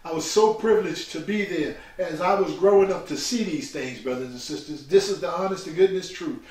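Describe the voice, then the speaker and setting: Emphatic, high-voiced older New man. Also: fairly quick, a little mellow. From New York. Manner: emphatic, repetitive, addresses listeners as brothers and sisters. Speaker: speaker telling his life story. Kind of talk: preaching personal testimony. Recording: very echoey room, far from the mic.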